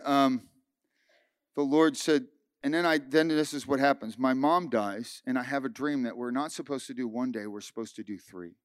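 A man pastor giving a sermon, telling a personal story with lively acted-out dialogue. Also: medium pitch, clean tone, no echo, studio quality. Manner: animated storytelling, acting out dialogue. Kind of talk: sermon testimony.

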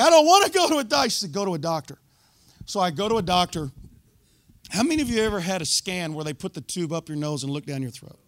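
A man giving a sermon testimony to a church group, telling his story with loud bursts and sudden hushed asides. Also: high-pitched, no echo, clean studio sound.

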